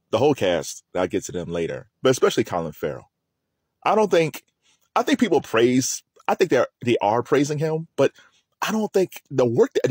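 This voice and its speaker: Talking casually to the camera, this video host is lively and chatty, breaking into laughter again and again. He has a lowish voice, and the audio is studio quality with no echo.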